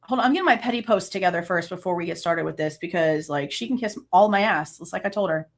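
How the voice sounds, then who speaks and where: A woman's voice: on the low side, quick pace. A woman in her late thirties, hosting a true crime channel, ranting with heated, profane exasperation. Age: late 30s. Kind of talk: angry reaction rant.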